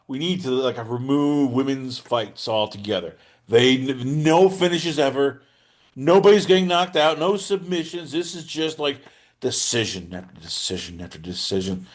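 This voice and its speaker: A man hosting a casual podcast chat, animated and teasing, with big swings in pitch and loudness as he jokes. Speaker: podcast host.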